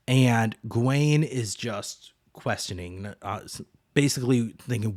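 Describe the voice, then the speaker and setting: A man's voice: medium pitch, a little slow, darkish tone, no echo, clean studio sound. A man hosting a podcast, recapping an episode in a casual, rambling way with many fillers. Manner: rambling, heavy on fillers and hedges. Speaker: podcast host.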